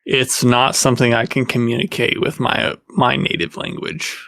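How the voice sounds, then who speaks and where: A man's voice: mid-range voice, fairly even intonation, moderate pace, vocal fry, a bit bright. A man playing a tabletop game, talking in a rambling way with many fillers. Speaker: player. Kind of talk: casual chat at a gaming table.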